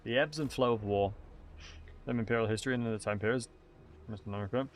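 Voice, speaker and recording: An English man streams a strategy game, chatting to viewers in casual gameplay commentary that rambles, full of fillers and restarts. His mid-range voice holds a steady tone, and he talks fast.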